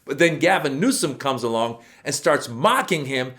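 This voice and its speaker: A man hosting comedic political commentary, mocking and sarcastic, sometimes mimicking others. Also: normal speed. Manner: mocking, animated, mimics others in shrill voices. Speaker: comedian host.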